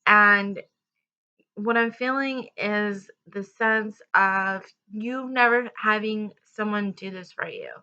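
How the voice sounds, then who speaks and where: A woman talks through a tarot love reading in a loose, rambling way, full of fillers and restarts. Her voice is bright and forward, and the recording sounds slightly muffled and lo-fi. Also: mid-range voice, slow, smooth. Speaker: tarot reader. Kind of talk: casual tarot reading to camera.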